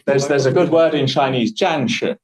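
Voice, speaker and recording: A man's voice: mid-range voice, normal speed, crowd noise, rough recording. A young man from Scotland leading a live public speaking workshop, talking animatedly and acting out voices in his stories. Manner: animated, acts out voices in anecdotes.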